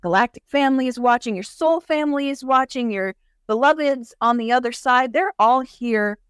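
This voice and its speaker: A woman's voice: on the high side, normal speed, smooth, no echo, studio quality. Earnest woman explaining spiritual ideas. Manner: earnest, explanatory, acts out quoted voices. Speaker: guest, spiritual teacher. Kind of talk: casual interview chat.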